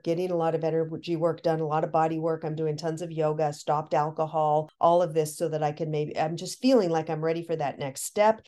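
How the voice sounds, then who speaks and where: A woman guest on a podcast, telling a long personal story in animated, excited bursts with many restarts. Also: fairly low pitch. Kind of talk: casual storytelling.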